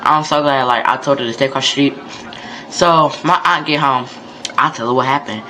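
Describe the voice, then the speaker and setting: A laid-back young man tells a storytime vlog in a mid-range voice. His delivery is relaxed and conversational, with slangy asides, and faint ambient noise sits behind him. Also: mid-range voice, a little fast, low-quality recording. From North Carolina. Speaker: vlogger.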